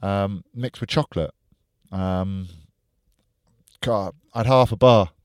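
A man's voice: lowish voice, slow, darkish tone, no room sound, clean studio sound. A man co-hosting a casual chat, teasing his friend with short quips. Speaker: podcast co-host.

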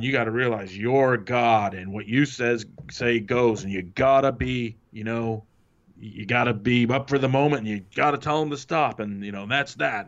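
A man's voice: medium pitch, a bit bright. A man telling stories as a guest in a casual interview, acting out quotes in a raised voice and swearing freely. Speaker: former wrestling writer, interview guest. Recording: muffled lo-fi audio.

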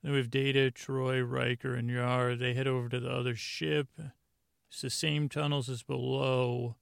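The bedtime podcast host here has a gravelly yet clean mid-range voice, delivered flatly at a moderate pace in a dry studio recording. Recapping an episode, he wanders and keeps restarting and using fillers, retelling scenes with a casual "he goes."

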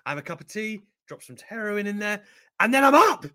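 Guy hosting, bright lively voice, jokey and loud, dry close mic. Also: sits high, a little fast, dry recording. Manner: loud, jokey, laughing, swings between shouting and muttering. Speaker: co-host of a wrestling news show. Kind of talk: energetic casual banter.

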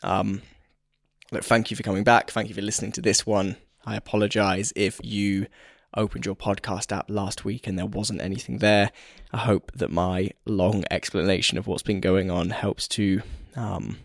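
A hoarse man talks on his own podcast, candid and a little rambling as he thinks aloud. His voice sits fairly low and sounds strained. The sound is dry and close, with no room around it. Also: fairly even intonation, moderate pace, no room sound. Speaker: podcast host. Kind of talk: solo podcast talk.

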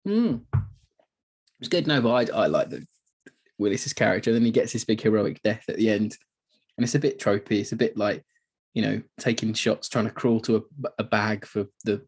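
A man's voice: fairly low pitch, expressive, moderate pace, breathy edge. A man co-hosting a film podcast, chatting casually, laughing often and acting out lines from the film. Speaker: podcast co-host. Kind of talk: casual film review chat.

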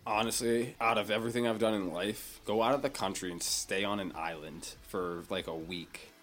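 A man's voice: lowish voice, fairly even intonation, moderate pace, a bit bright. A man with a Boston accent, a guest host on a podcast, in dry, teasing casual chat.

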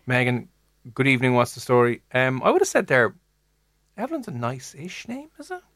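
An Irish man hosting an evening radio show, chatting and teasing in quick banter. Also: medium pitch, wildly swooping pitch, a bit bright, no echo, studio quality. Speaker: radio host. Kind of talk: casual radio chat.

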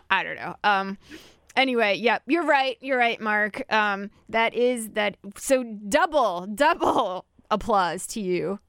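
A woman hosts a call-in radio show in a chatty, easygoing way and laughs readily. Her voice is smooth and clear. The sound is dry and close. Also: mid-range voice, animated, slow pace, fairly bright tone, dry recording.

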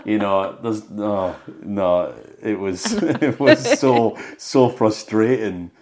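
A man's voice: on the low side, lively intonation, slow, a little mellow. A man co-hosting a podcast from home, chatting playfully and breaking into comic impressions. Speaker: podcast co-host. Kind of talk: casual chat. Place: home with a dog nearby.

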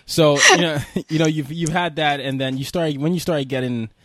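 A man hosting an interview, asking rambling, halting questions full of fillers. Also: a little high, steady tone, fairly bright tone, no echo. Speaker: interview host. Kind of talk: podcast interview.

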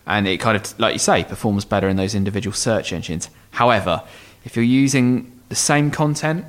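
Podcast co-host, male, lowish voice, casual advice-giving, lots of ums and self-corrections. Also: brisk. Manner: rambling, thinks aloud with many ums and restarts. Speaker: podcast co-host answering listener questions. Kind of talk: casual explanatory chat.

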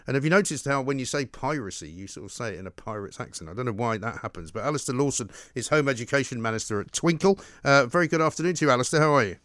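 A man hosting a radio talk show in a studio. His voice is mid-pitched and sits dry and close to the microphone. He talks in an affable, chatty way with plenty of fillers. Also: lively intonation, racing, hardly any pauses, a bit bright, dry recording. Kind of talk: live radio phone-in chat.

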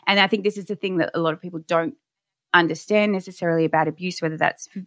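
Low-voiced woman telling her story. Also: steady tone, fast talker, a bit bright, no room sound. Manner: candid, reflective, with frequent restarts. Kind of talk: personal storytelling.

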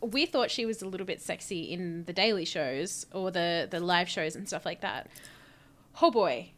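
A woman co-hosting a podcast in casual chat, animated and laughing often as she talks. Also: fairly low pitch, moderate pace. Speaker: podcast co-host.

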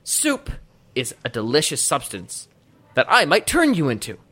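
A man's voice: on the high side, huge pitch swings, moderate pace, sharp tone, breathy edge, heavily acted. Guy doing a bratty menacing soup-obsessed captor, swoops up and down. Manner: childish, stubborn, menacing. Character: petulant male captor who threatens to make soup.

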